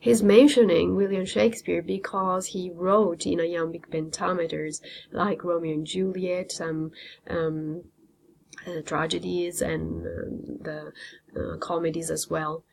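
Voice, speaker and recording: Gravelly-voiced woman teaching a lesson. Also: on the low side, little pitch movement, measured pace, darkish tone. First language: Italian. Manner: explains step by step, with frequent ums and uhs. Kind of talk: classroom lecture.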